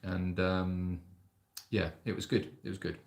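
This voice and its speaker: A man's voice: sits low, flat delivery, unhurried, vocal fry. Host, man, rambling chatty storyteller, roomy echo. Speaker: sanctuary host. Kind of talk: casual livestream chat. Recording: echoey room.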